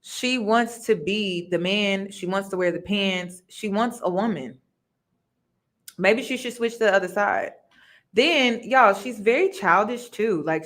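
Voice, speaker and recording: A woman's voice: on the high side, fairly bright tone. Chatty woman reviewing a reality show. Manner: chatty and emphatic, repeats points, addresses viewers as y'all. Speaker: reaction video host. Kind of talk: casual commentary on a reality show.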